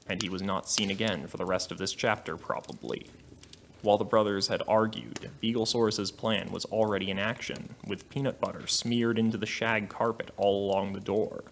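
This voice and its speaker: A man giving a deadpan comedic reading of a fanfiction story. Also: on the low side, a little hiss or hum. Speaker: fanfiction reader.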